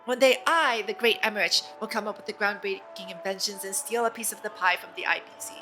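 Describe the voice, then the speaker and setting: A woman's voice: medium pitch, steady tone, quick pace, pushed and bright, soft background music, lightly acted. A woman reading aloud the lines of a boastful, paranoid male inventor from a game, in a pompous, self-important manner. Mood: grandiose.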